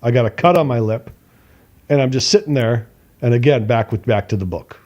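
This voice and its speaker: Man telling a lively story on a podcast. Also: mid-range voice, brisk, lo-fi sound. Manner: animated storyteller acting out quoted voices, swears casually. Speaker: podcast co-host. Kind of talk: casual storytelling chat.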